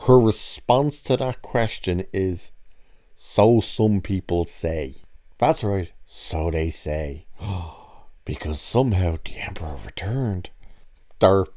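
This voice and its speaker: A man with a low, mellow voice recaps a TV episode in a loose, casual way. He is sarcastic and mocking, and he swears freely as he picks the plot apart. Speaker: show reviewer.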